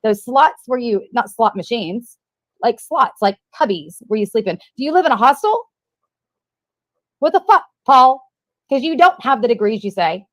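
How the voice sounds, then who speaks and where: A woman's voice: fairly high pitch, lively intonation, moderate pace, dry recording. A woman on a live stream, swearing and confronting a caller in a heated argument. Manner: profane, confrontational.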